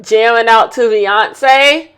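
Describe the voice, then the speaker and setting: A high-pitched woman hosting a casual podcast, candid and full of slangy banter. She swings from loud, excited bursts down to quiet murmured asides as she talks while doing her makeup. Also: slow. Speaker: podcast host. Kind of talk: casual chat.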